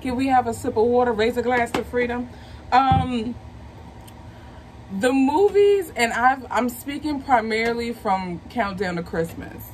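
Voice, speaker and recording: A woman in her thirties hosting a movie review channel, chatting casually in a slangy, excitable way. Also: medium pitch, slight background noise, rough recording. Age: 30s. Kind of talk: casual chat.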